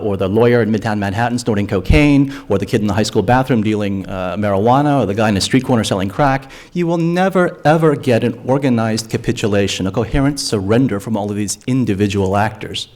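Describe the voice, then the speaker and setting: With a fairly low, darkish voice, a man speaks quickly and hardly pauses during a public forum on drug policy in a lecture hall. He's earnest and argumentative, often restarting what he says and repeating words.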